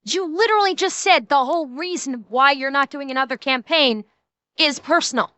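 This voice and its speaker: A woman's voice: high-pitched, moderate pace, bright, forceful tone, dry recording. A woman streamer giving casual reaction commentary, blunt and profane, often restarting her sentences.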